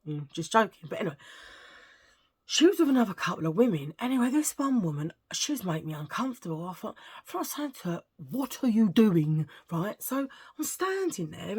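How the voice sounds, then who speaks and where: A woman's voice: mid-range voice, breathy edge. A woman chatting casually to her viewers, rambling through anecdotes with frequent laughs and acted-out quotes. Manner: rambling, animated, laughs a lot, acts out quotes. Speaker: vlogger.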